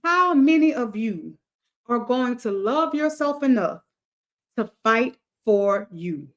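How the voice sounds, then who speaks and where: A woman's voice: a little high, animated, slow pace. A woman hosting a motivational livestream, talking to her chat in an emphatic, repetitive cadence like a preacher. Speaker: livestream host.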